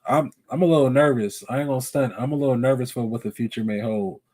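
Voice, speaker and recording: A man's voice: medium pitch, quick pace, mellow, no room sound. A man hosting a live stream show, chatting casually and animatedly and asking his viewers questions.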